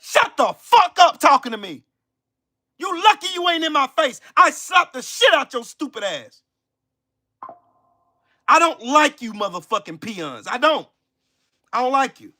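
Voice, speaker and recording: A man rants to his viewers in a high, sharp, tense voice that leaps up and down in pitch. He is profane and confrontational, and breaks into shouting as he hammers his points home. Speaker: channel host. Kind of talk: angry livestream rant.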